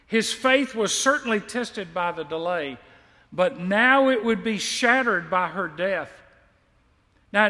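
A male pastor preaching a sermon and reading scripture, by turns emphatic and quietly confiding. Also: sits high, in a large hall. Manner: emphatic, swells loud on key lines, then drops quiet and confiding.

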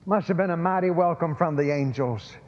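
A man delivers an emphatic sermon, a little fast, in a voice that is slightly high with a dark tone. Captured lo-fi in an echoing hall, he often says words twice and begins phrases again.

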